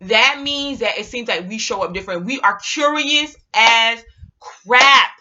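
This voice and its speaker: A woman vlogger talking casually to her viewers in an animated, rambling, slangy way. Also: fairly high pitch, measured pace, highs cut off. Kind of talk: casual monologue to camera.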